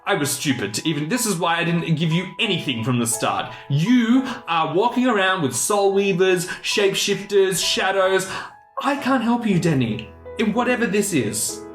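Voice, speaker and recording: A man voicing a prickly woman with a gold snaggle tooth, ranting in a shrill, stammering way. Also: fairly bright tone. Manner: shrill exasperated rant with stammers. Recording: roomy mic with music under.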